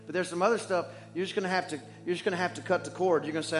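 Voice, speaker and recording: A man preaching a sermon in church as the pastor, animated and joking, swinging between loud and hushed. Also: high-pitched, rapid-fire, over music.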